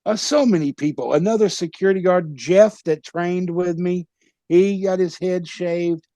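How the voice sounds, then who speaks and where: A man's voice: high voice, normal speed, mellow, no room sound. A man, a former pro wrestler, telling rowdy, profane stories in a casual interview and laughing at his own pranks.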